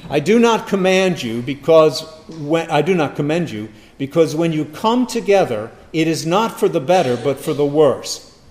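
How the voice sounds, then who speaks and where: A man's voice: fairly high pitch, darkish tone. A man preaching a sermon as pastor, reading scripture with emphatic, dramatic stress.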